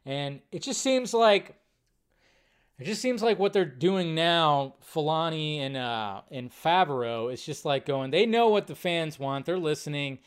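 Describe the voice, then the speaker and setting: A man hosting a film podcast in casual live-stream chat, excitable and profane, full of fillers and restarts. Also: fairly high pitch, a little slow, clean tone.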